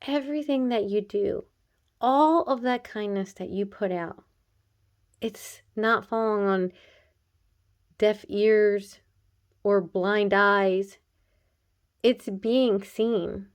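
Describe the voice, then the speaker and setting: A woman's voice: medium pitch, steady tone, slow pace, pauses often. A woman doing a casual oracle card reading to camera. She talks earnestly and encouragingly, straight to the viewer, in a chatty way with laughs and filler words.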